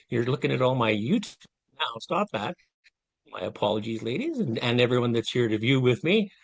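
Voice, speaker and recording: A man's voice: mid-range voice, big pitch swings, brisk, gravelly, husky. A man in his late fifties giving a motivational talk over a video call, earnest and conversational as he speaks straight to his audience. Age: 50s. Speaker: guest speaker giving a masterclass.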